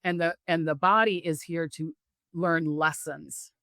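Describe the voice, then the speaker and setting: A woman's voice: deep voice, steady tone, unhurried, fairly bright tone, no echo, clean studio sound. A middle-aged woman, a psychic, talking casually in an interview and acting out the voices of people she quotes. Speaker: psychic medium guest. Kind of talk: casual spiritual interview talk.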